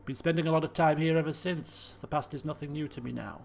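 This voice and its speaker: A man voicing a burnt-out former addict turned mystic in a video game, speaking slowly in a hushed, solemn tone. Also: on the high side, gravelly, slight background noise. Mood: solemn, dreamy.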